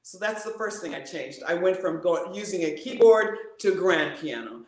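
Animated woman in an echoey room. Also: lowish voice, moderate pace. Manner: animated, playful, demonstrates with her voice. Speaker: voice coach guest. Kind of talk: live-streamed interview.

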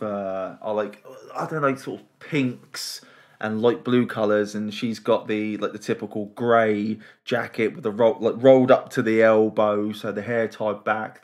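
A man co-hosting a casual podcast, enthusiastic and rambling, often repeating words. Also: lowish voice. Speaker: podcast co-host.

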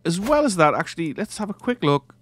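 A man's voice: high-pitched, big pitch swings, a little fast, fairly bright tone. A man hosting a let's-play, casually thinking aloud as he plays a strategy game, often trailing off and restarting. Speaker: gaming channel host.

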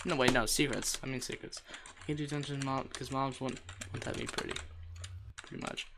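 A streamer giving live gameplay commentary, excitable and jokey, laughing often and repeating phrases. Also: mid-range voice, normal speed, creaky, noisy background. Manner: jokey, self-deprecating.

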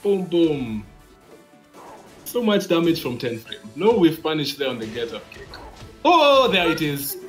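A man giving casual commentary on a fighting game match, excitable and disbelieving. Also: a little high, a little slow, soft background music. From Africa. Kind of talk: esports commentary.

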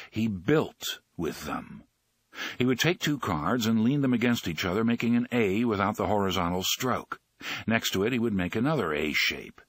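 A man narrating a crime novel audiobook in a steady, measured storytelling manner. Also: medium pitch, dry recording, studio quality.

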